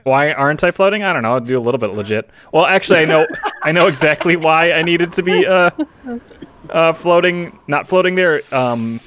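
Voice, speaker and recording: A man's voice: fairly high pitch, fairly quick, fairly bright tone. Chuckling man streaming a game. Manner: chuckles often, joking. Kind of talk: casual let's-play chat.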